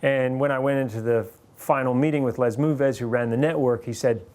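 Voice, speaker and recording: A man's voice: medium pitch, fairly even intonation, brisk, darkish tone. New Zealand man telling career stories. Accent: New Zealand, partly Americanized. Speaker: TV host interviewed about his career. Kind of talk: reflective interview storytelling.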